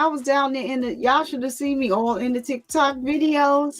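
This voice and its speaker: A woman with a slightly high voice talks casually and animatedly to her viewers, circling back to repeat her points. She laughs often as she goes. Soft music plays faintly underneath. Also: fairly even intonation, fairly quick. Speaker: commentary channel host.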